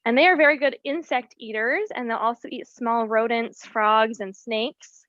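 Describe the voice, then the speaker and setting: A woman, a wildlife educator, giving an explanatory presentation about birds and often pausing on "um". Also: fairly high pitch, fairly bright tone, no room sound, lo-fi sound. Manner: explanatory, with frequent ums.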